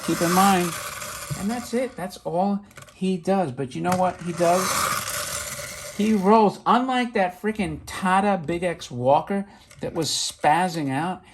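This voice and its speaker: A middle-aged man casually showing off vintage toys, chatty and excitable with rambling asides. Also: sits high, slight background noise. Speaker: toy collector vlogger. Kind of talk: casual show-and-tell.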